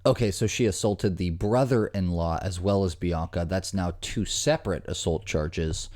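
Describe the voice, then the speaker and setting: A man's voice: low-pitched, moderate pace, a little mellow. A male host giving casual commentary on viral clips, with wry asides and hesitant fillers.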